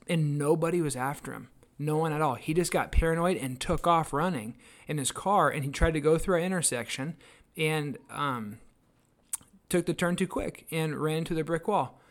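Man, podcast co-host, earnest casual storyteller, slightly raised pitch. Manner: earnest storytelling, acts out quoted voices. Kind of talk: casual devotional chat.

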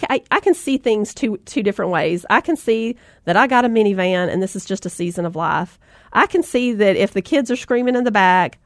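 A woman's voice: on the high side, no room sound, studio quality. A middle-aged woman giving an upbeat, folksy motivational talk to mothers, calling them "mama" and "y'all".

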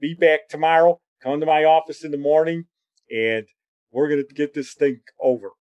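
A man doing a gruff, amused school dean. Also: a little high, steady tone, moderate pace, muffled recording, lightly acted. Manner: brusque, questioning, louder. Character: middle-aged male school dean, gruff yet amused.

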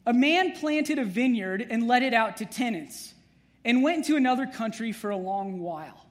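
A man preaches a conversational sermon. His voice sits high for a man. He jokes with the congregation and keeps the tone relaxed. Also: normal speed. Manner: conversational, humorous, with playful asides to the congregation. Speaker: pastor.

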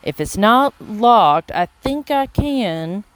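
A reader voicing an anxious, excitable young girl with a raised, worried voice. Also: mid-range voice, slow, no echo, voice pushed up.

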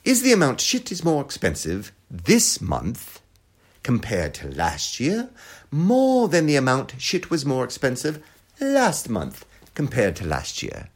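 A man voicing a prim English nanny, with a deliberately bad put-on English accent and a singsong, mock-prim delivery. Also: mid-range voice, wildly swooping pitch, husky, voice pushed up, heavily acted. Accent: English, put on badly.

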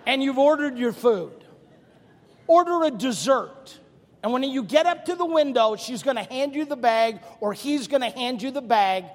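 An older man preaching in a high, bright register, with lively storytelling and a touch of self-mockery. He speaks directly to the congregation. His voice rings out into a large church hall with a long reverb tail. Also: normal speed. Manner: animated storytelling with self-deprecating humor. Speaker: pastor. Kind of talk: sermon.

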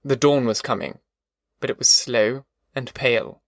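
A man reading a novel aloud in measured, descriptive narration. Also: mid-range voice, creaky, no room sound, clean studio sound. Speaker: audiobook narrator. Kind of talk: scripted narration.

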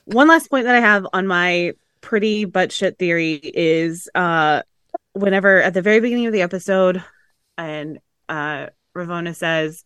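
A woman's voice: lowish voice, normal speed, a bit bright, clean tone, no echo. A woman from Tennessee with a Tennessee accent, co-hosting a podcast in a jokey, self-deprecating way. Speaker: podcast co-host. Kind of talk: casual podcast chat.

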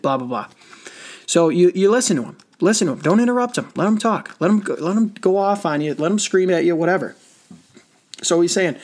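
Energetic man coaching on sales. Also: a little high. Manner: energetic, repetitive, conversational. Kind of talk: motivational talk.

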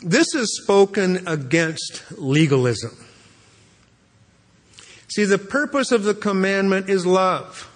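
A man's voice: high voice, lively intonation, slow pace, long pauses. A man preaching an expository sermon as a pastor, earnest and repeating words as he restarts. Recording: long hall reverb.

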